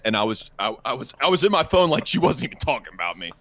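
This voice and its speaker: A man's voice: medium pitch, big pitch swings, fast, a bit bright, no echo. Crude rambling young man telling a story. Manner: crude, rambling, profane, stammering. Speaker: podcast co-host. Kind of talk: casual storytelling chat.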